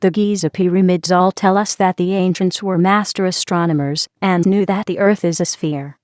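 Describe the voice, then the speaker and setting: A talkative woman from the next table explains things at length in a steady, lecturing way, and her voice sits low. A woman reads her part. It sounds dry and close. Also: normal speed, dry recording, natural voice. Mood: explaining.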